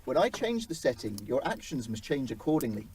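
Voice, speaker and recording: A man's voice: brisk, slight background noise. A man hosting a comedy quiz show in a dry, wry way. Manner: dry, wry, with lively pitch.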